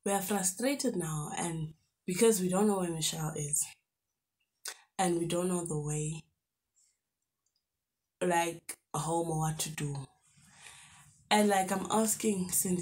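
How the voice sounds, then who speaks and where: A young woman with a South African accent telling a storytime on her vlog, animated and lively, throwing in local slang exclamations. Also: on the low side, slow pace, pauses often. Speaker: YouTuber.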